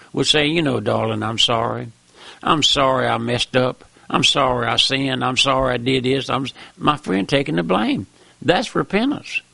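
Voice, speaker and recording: Older preacher, gravelly, slightly high voice, impassioned and repetitive. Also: male voice, pushed and bright, no room sound. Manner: impassioned, repetitive, rising emphatic calls. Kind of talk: fiery sermon.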